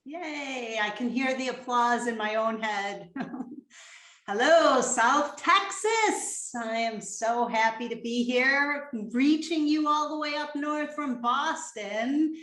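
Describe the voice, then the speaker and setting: A woman's voice: fairly high pitch, slow pace, fairly bright tone. Bubbly woman speaker in an echoey room. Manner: bubbly, laughs often, addresses the audience directly. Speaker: motivational speaker. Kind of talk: live webinar presentation. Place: home office on a webcam. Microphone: webcam or computer mic.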